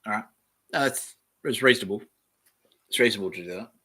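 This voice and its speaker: A man's voice: on the low side, fast, bright, forceful tone, husky. A man hosting a podcast, rambling offhandedly and joking as he reads aloud from a screen at home, often trailing off into mumbles. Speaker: podcast host. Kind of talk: rambling casual commentary while reading aloud.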